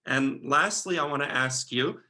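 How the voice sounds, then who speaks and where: A man's voice: a little high, unhurried, bright, forceful tone. A man interviewing an actress, asking long, chatty, winding questions.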